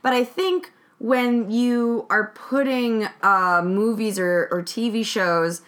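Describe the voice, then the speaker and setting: A woman's voice: on the high side, slow, fairly bright tone. A woman hosting a podcast, chatting casually and jokingly about a documentary she watched. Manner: chatty, joking, does mock voices. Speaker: podcast host. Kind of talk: casual chat reviewing a documentary.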